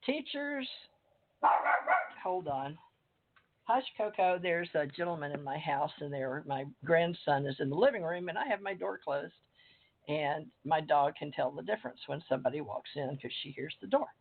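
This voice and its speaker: A woman's voice: deep voice, lively intonation, normal speed. Older woman host, chatty and rambling, calling in on a tinny phone line. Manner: chatty, rambling, reads a bio aloud. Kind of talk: casual call-in interview. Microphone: phone or computer call.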